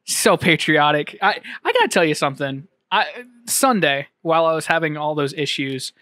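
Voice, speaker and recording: A man chatting on a podcast at a studio microphone, wandering from thought to thought with frequent restarts and ums. His voice sits fairly high for a man and sounds dry and close. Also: animated, bright, forceful tone, no echo. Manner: rambling, halting, with many restarts and ums. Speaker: podcast co-host. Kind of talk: casual chat.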